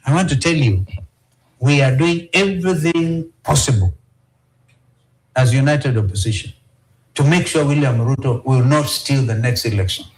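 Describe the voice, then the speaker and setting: A man's voice: mid-range voice, animated, normal speed, long pauses, rough recording. A man with a Kenyan accent, an opposition politician answering interview questions emphatically, repeating key phrases and checking in with "all right?".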